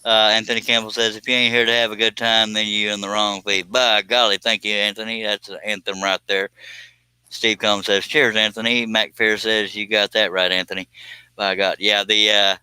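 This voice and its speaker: A man's voice: on the low side, flat delivery, moderate pace, sharp tone, smooth, no echo, rough recording. A middle-aged man hosting a casual live stream, giggling and reading out viewer comments. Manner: giggly, breaks into helpless laughter, reads out viewer comments.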